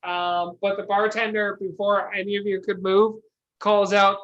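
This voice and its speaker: A woman narrating a tabletop game as game master in a relaxed, unhurried way. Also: mid-range voice, highs cut off.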